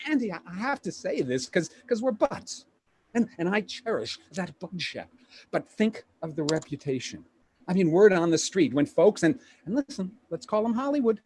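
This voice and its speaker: An actor playing a pushy, fast-talking male Hollywood agent in a live play reading over a video call, with rapid, stammering sales patter. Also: high-pitched, sing-song, a little mellow, slight background noise. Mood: salesy. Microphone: home computer mic on a video call.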